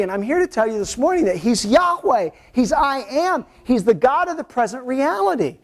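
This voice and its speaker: Animated man preaching a sermon. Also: very high-pitched, normal speed, few pauses. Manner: animated, acts out voices of doubters and God. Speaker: pastor. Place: church.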